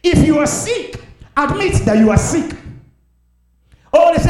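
A young adult male pastor preaching a sermon, swinging between shouted exhortation and quiet confiding. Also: extremely high pitch, animated, normal speed, pauses often, faint music behind. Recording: echoey hall, voice from far off.

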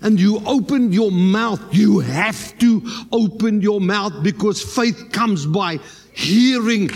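A man's voice: high-pitched, slow pace, long reverb tail. A South African man preaching a sermon as pastor, emphatic and dropping in Afrikaans words.

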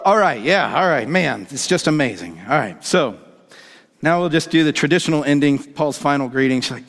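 A male pastor preaching a sermon and telling a story, animated and excitable, acting out the dialogue as he goes. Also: medium pitch, normal speed. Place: church sanctuary. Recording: long hall reverb from the church.

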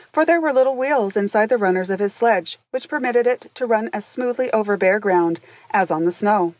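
A woman narrating a classic storybook in a gentle storyteller's manner, speaking directly to the listener. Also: mid-range voice, no echo. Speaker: audiobook narrator.

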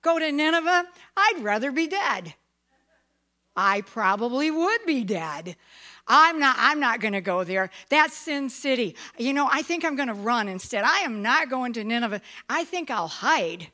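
A woman's voice: high-pitched, very animated, normal speed, pushed and bright, exaggerated voice. A woman voicing Jonah, a reluctant, panicky biblical man, whining and sing-song in a children's story. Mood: protesting. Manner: whiny, comic, sing-song.

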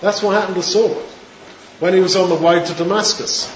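Fairly high-voiced male preacher in an echoey room. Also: fairly quick. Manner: animated storytelling, retelling scripture in his own words. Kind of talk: sermon. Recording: echoey room, dull lo-fi sound, faint hiss.

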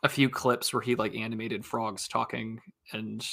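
A man's voice: fairly low pitch, flat delivery, normal speed, creaky, bright, forceful tone. A man co-hosting a livestreamed podcast in easygoing, upbeat casual chat. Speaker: podcast co-host.

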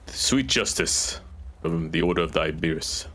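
A man's voice: low voice, normal speed, a bit bright, faint music behind. A man voicing a terse, guarded mercenary of a holy order. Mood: stern.

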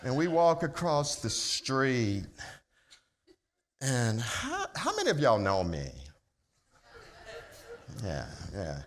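Slow-talking pastor telling a story. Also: male voice. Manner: builds from low, slow storytelling to loud, excited shouting; humorous, conversational preaching with the congregation. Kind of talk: storytelling sermon. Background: congregation laughter.

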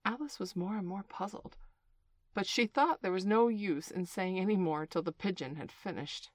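A woman reads a classic storybook aloud with clear, measured expression. Her voice sits at an ordinary middle pitch and is recorded close and dry, with no room around it. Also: dry recording. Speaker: narrator.

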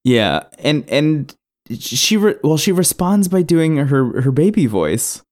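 A man co-hosting a podcast, chatting casually and recounting scenes in a relaxed, conversational way. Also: on the high side, slow pace. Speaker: podcast co-host. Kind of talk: casual recap chat.

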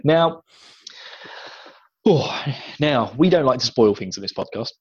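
A man's voice: medium pitch, animated, a little slow, breathy edge, no echo, muffled recording. An English man co-hosting a podcast, chatting casually through a book recap, laughing often and slipping into voices for the scenes. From England. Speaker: podcast co-host.

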